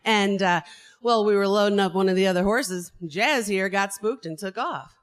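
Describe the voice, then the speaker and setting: A woman's voice: medium pitch, moderate pace, close to an everyday voice. An easygoing, apologetic farmer man in a spoken story, as a woman storyteller quotes him. He talks in a folksy, friendly way.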